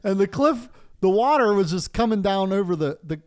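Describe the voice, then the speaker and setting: A man's voice: sits high, expressive, moderate pace. A man from Pennsylvania hosting a podcast, telling a story in casual chat, swearing often and laughing through it. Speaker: podcast host.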